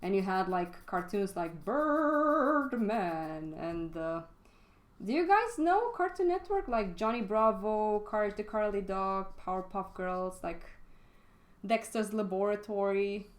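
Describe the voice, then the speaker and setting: A woman's voice: mid-range voice, expressive, unhurried. A woman giving a casual, chatty charcoal drawing lesson while live-streaming, frank and swearing now and then. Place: home studio, live stream.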